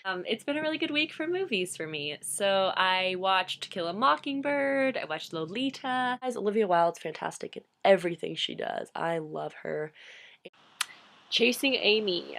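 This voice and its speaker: A young woman from Colorado chatting casually to camera in a home vlog, bubbly and gushing with quick asides. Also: fairly low pitch, animated, gravelly, sharp tone. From Colorado, United States. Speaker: vlogger. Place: home bedroom.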